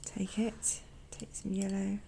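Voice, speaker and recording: A woman narrates her painting in an unhurried, casual way. Her voice is mellow, with a gravelly edge, and she often eases into a soft half-whisper. She adds little self-deprecating remarks as she goes. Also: mid-range voice, little pitch movement, slight background noise. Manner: gentle and chatty, drops to a soft near-whisper. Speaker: watercolor artist and channel host.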